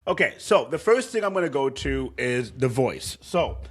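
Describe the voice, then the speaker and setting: A man's voice: mid-range voice, big pitch swings, normal speed, slightly rough. A man hosting a casual screen-share tutorial, talking loosely with fillers and restarts. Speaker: tutorial host.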